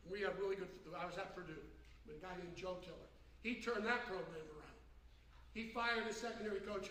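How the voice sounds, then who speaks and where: Older man telling stories in an echoey hall. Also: high voice. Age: 70s. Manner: folksy, animated storytelling with bursts of laughter. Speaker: keynote speaker. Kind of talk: storytelling keynote speech. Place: large conference hall. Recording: echoey hall, distant from mic.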